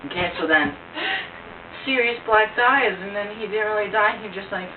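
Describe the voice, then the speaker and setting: In his living room at home, a young man with a high-pitched voice and a moderate pace jokingly retells a movie plot, rambling and laughing at his own jokes. The home video recording is tinny, distant, and noisy.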